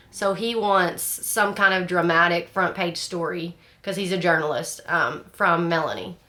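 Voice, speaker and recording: A woman's voice: lowish voice, normal speed, few pauses, sharp tone. A woman chatting casually about a book, rambling with lots of fillers and restarts in a frank, chatty way. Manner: frank and chatty, laughs at the story. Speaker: book club host.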